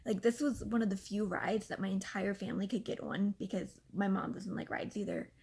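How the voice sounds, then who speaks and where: A woman in her thirties casually telling a story from her own life, animated and exasperated, with lots of fillers. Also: medium pitch, fairly quick, creaky, a little hiss or hum. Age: 30s. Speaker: vlogger.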